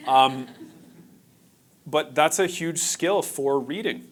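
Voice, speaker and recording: A man's voice: medium pitch, a little slow. Casual man giving a conference workshop. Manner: casual, engaging, jokes with the audience. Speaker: optometrist presenting a workshop. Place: conference room with live audience.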